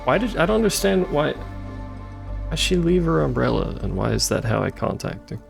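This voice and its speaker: A man's voice: mid-range voice, moderate pace, gravelly. A man streaming a game, giving casual, joking commentary and chatting with viewers. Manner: joking, chatty, talks to chat. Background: faint game music.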